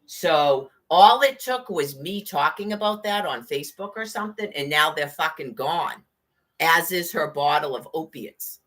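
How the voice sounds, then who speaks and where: A woman's voice: low voice, lively intonation, a little slow, fairly bright tone. A woman in an angry, profane rant, firing off sarcastic rhetorical questions.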